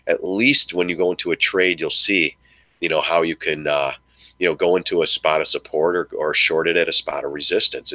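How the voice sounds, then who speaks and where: A man with a very low voice hosts a casual trading live stream, rambling and restarting his sentences. His tone is bright and forceful, and the sound is dry and close with no room echo. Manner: rambling, repeats words, fillers and restarts; mocks frustrated traders in a shrill yelling voice.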